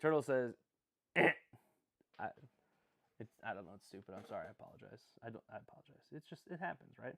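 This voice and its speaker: A man's voice: on the low side, expressive, quick pace, creaky. A man hosting a casual live stream, rambling, making jokey asides and answering viewers as he reacts to picks. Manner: rambling, jokey, self-deprecating, chats with viewers. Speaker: livestream host.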